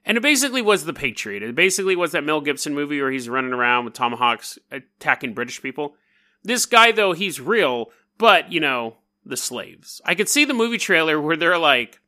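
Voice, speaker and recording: A man hosting a casual storytelling podcast, talking in an animated, jokey and digressive way. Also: fairly high pitch, a little fast. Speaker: podcast host.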